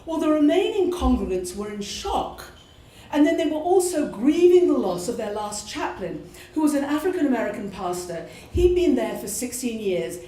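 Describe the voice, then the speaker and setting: A British woman and former prison chaplain, telling a true personal story expressively at a live show. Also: sits high. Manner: animated, expressive. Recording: echoey room from a live show.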